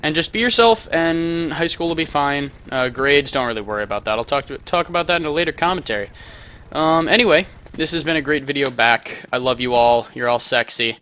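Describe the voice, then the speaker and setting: A man's voice: a little high, fairly quick, sharp tone. A young American man giving casual gameplay commentary, rambling with self-mocking jokey asides. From United States. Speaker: gaming commentator.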